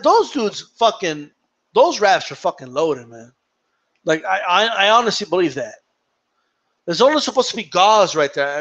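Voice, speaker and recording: Laughing, profane young man, high lively voice. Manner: laughing, profane, switches into Spanish to quote fighters. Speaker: boxing commentator on a live stream. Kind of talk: casual live-stream chat. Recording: dull lo-fi stream audio.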